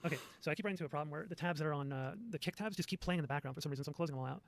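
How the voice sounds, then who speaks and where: A man's voice: fairly high pitch, very fast, vocal fry, a little hiss or hum. A man on a stream panel, talking through his guesses casually and questioning things. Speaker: panel guest.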